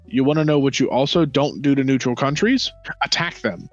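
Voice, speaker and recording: A man's voice: medium pitch, brisk. A man in a casual history chat, profane and sarcastic, acting out nations in mocking quoted voices. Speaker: podcast co-host. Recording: dull lo-fi sound with faint music.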